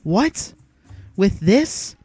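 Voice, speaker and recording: A man voicing an eager young boy who exclaims excitedly. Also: high-pitched, extremely slow, husky, no echo, soft background music, voice pushed up, full character voice.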